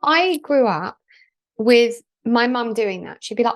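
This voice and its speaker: Podcast host lady, higher voice, chatty, keeps jumping in w questions. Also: measured pace. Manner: chatty, lively, interrupts with questions. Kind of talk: podcast interview.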